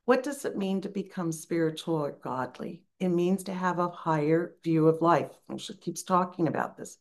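An older woman, a spiritual teacher, reads a passage slowly and muses on it aloud in a reflective talk. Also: fairly low pitch. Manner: slow, musing reading with asides and soft laughs.

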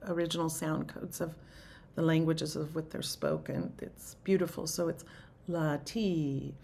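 Female spiritual teacher, low and gravelly, unhurried meditative delivery that drops to a hush. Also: level tone, a little hiss or hum. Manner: unhurried, musing, often trails into a hushed near-whisper.

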